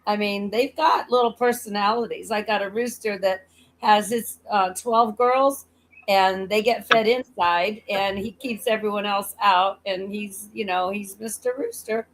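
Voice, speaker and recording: A woman's voice: medium pitch, steady tone, a little slow, a little hiss or hum, rough recording. A woman with a slight Southern accent, chatting casually on a livestream, teasing and laughing often.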